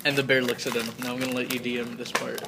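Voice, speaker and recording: A man's voice: mid-range voice, very fast. A man narrating his character's actions in a tabletop role-play, loose and laughing. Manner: lively, laughing, frequent fillers. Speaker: tabletop game player. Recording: noisy home recording.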